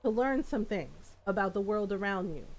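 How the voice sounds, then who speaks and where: A woman putting on a stern mother who scolds her son, speaking firmly and deliberately. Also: mid-range voice, animated, slight background noise, lightly acted, rough recording. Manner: firm and measured.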